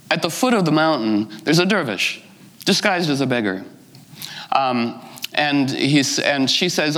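A man's voice: mid-range voice, lively intonation, normal speed, fairly bright tone, poor audio. A middle-aged man retelling a fairy tale informally, rambling with asides and many "you know" fillers. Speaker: storyteller.

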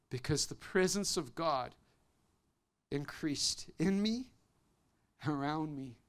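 A fairly high-pitched man preaches a sermon built around his personal testimony, swinging between loud outbursts and hushed, intimate tones.

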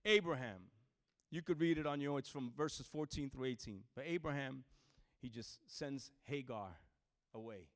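A man preaching a sermon to a church, swinging from shouted exhortation to hushed, near-whispered storytelling. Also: mid-range voice, normal speed.

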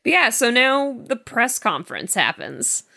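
Gravelly-voiced woman discussing a film. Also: on the high side, very animated, unhurried, bright, forceful tone. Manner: chatty, questioning. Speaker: podcast co-host.

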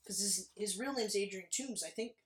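A woman chatting casually about a movie, animated and swearing freely as she acts out scenes. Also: medium pitch, moderate pace. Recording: echoey room.

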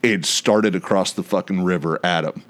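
Man, deep low voice, casual storyteller, swears freely and builds suspense. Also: moderate pace, background noise. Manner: animated, profane anecdote telling.

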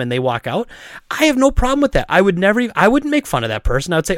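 Casting: man, slightly high voice, dry close sound, lively storyteller who laughs a lot. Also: rapid-fire, no room sound. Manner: animated, laughing, acts out voices. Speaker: store owner and podcast co-host. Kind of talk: casual chat, telling a story.

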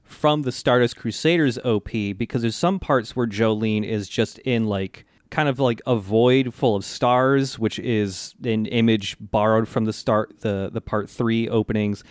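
A man's voice: fairly low pitch, no echo, studio quality. A man co-hosting a podcast, chatting casually as he recaps an anime episode, rambling loosely with lots of fillers and restarts. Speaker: podcast co-host.

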